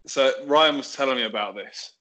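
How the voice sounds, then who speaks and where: A man's voice: mid-range voice, moderate pace, bright, forceful tone. A man, a wrestler guest, talking in an enthusiastic, rambling casual way. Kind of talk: casual chat.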